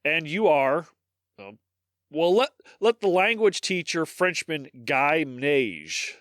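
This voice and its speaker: A man with a Midwestern accent, hosting a casual history podcast, telling the story in an animated way, swearing and laughing. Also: a little high, takes it slowly, no room sound, studio quality. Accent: Midwestern American. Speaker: podcast host.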